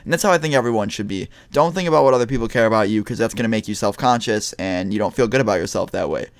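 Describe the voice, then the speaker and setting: A man's voice: lowish voice, rapid-fire, smooth, no echo. A young man vlogging, telling a story to his viewers in a blunt, casual way with lots of swearing and restarts.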